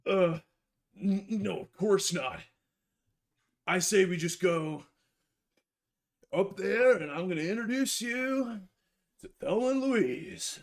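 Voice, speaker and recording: A man's voice: high-pitched, takes it slowly, pauses often. A young man playing in a tabletop game, giggling and boasting in character. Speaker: player. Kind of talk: tabletop role-play, casual.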